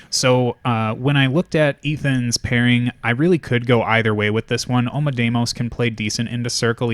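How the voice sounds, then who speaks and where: A man's voice: mid-range voice, a bit bright, clean tone, dry recording. A man hosting a tabletop wargame battle report, talking casually and rambling with lots of fillers and restarts. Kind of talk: casual chat.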